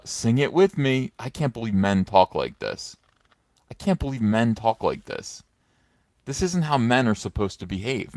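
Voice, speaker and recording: A middle-aged comics commentator speaks at medium pitch with no room sound, filming a casual commentary vlog on a phone on a stand. His take is sarcastic and mocking, rambling and packed with fillers.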